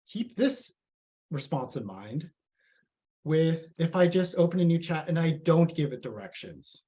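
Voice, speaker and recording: A man's voice: on the high side, dark tone. Chatty man giving a tech talk. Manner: casual, chatty, reads audience chat aloud. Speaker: tech presenter. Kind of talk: live tech presentation.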